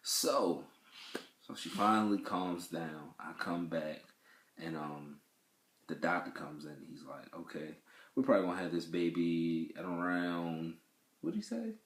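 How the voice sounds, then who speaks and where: Animated low-voiced young man telling a story. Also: unhurried, reverberant. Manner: animated, swears freely, acts out people's lines in raised voices. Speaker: father telling how his first child was born. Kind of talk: casual storytelling vlog.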